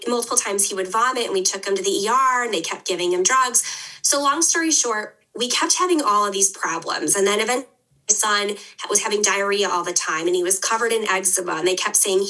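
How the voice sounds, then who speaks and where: A woman in her thirties, a dietitian guest, telling her story in animated conversation and acting out what others said. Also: medium pitch. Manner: animated, acts out others' words in quotes.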